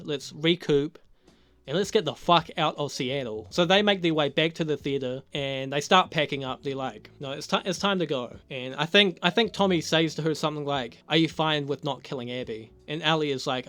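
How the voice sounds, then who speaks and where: Profane, laughing man recapping a TV episode. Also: mid-range voice. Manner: profane, laughing, animated retelling with acted quotes. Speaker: video reviewer. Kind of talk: casual spoken TV episode recap.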